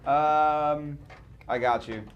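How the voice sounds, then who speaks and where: A man's voice: fairly high pitch, steady tone, drawn-out words, dull audio, a little hiss or hum. A man hosting a casual livestream, tired after little sleep and rambling with restarts. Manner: rambling, self-mocking, with many restarts. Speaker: stream host.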